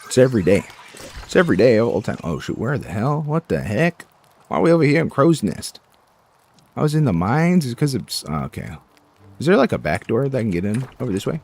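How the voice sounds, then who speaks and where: A man giving casual, excitable commentary while playing a game, joking and talking to himself and the game. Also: mid-range voice, fairly quick, husky. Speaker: gameplay streamer.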